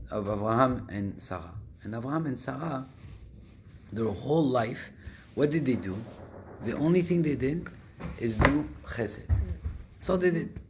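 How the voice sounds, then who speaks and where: Male teacher, mid pitch, halting delivery, restarts often mid-sentence. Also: a little hiss or hum. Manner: halting, many restarts, switches between languages. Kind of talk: religious class talk.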